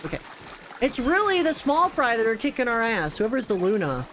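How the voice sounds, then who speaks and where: A young man chatting excitedly while streaming a video game, with sudden jumps in pitch. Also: a little fast, slight background noise. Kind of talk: casual gameplay commentary.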